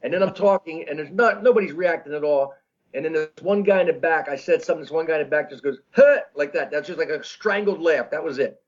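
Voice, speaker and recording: Guest comic in his sixties, a bit high, rambling restarts, dull lo-fi sound. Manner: rambling, halting with many restarts. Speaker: comedian guest. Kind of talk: casual storytelling interview. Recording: dull lo-fi audio.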